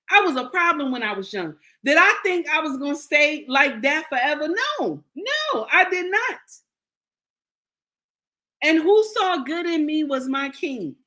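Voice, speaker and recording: Speaking in a high-pitched, bright, and forceful voice, this older commentary vlogger delivers casual opinions to her viewers. Her tone is sassy and preachy throughout.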